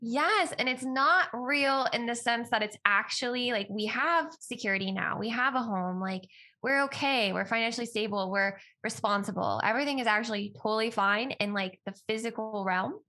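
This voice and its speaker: Heartfelt woman with a bright voice. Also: on the high side, normal speed. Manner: open, heartfelt, speaks of personal experience in a flowing way. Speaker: podcast guest, yoga teacher. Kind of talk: casual conversational interview.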